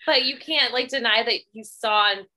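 A woman's voice: fairly high pitch, moderate pace, background noise. A woman hosting a casual chat, reacting to a ghost story with gasps and eager questions.

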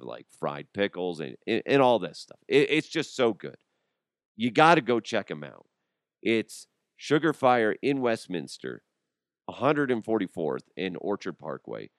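A man's voice: on the low side, clean tone, no room sound, studio quality. A middle-aged man hosting a radio show in a casual comedic chat, rambling and joking with frequent laughs.

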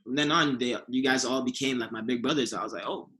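A man's voice: mid-range voice, fast, slight background noise, rough recording. A man who is a sprinter, guest in a casual conversation, talking through his career with lots of "like" and "um". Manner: relaxed, filler-heavy recounting.

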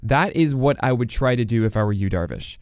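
A man's voice: mid-range voice, smooth, dry recording. Chatty male podcast host, dry sound. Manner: chatty, animated, self-mocking asides; rattles off stat lines in quick lists. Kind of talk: casual podcast talk on fantasy baseball.

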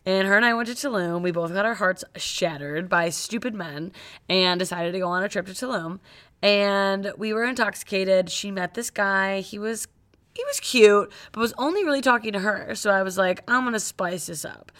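A young woman from Cleveland, co-hosting a podcast in casual chat and telling stories with animated energy and frequent laughs. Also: mid-range voice. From Cleveland, United States. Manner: animated storytelling, quick laughs. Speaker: podcast co-host.

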